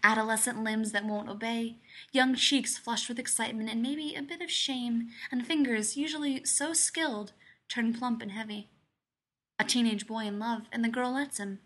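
A woman reading fan fiction aloud in a soft, measured storytelling voice. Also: on the high side, fairly even intonation. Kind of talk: scripted narration.

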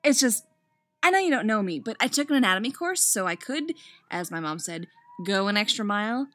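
A woman's voice: mid-range voice, animated, a bit bright, no echo, close to an everyday voice. A woman playing a flustered young art student. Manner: flustered, rambling, quick.

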